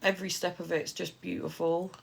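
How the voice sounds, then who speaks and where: A woman's voice: fairly low pitch, level tone, fairly quick, gravelly, husky. A woman, a livestreamer and new mother, chatting casually and affectionately with her viewers from home while reading out their messages.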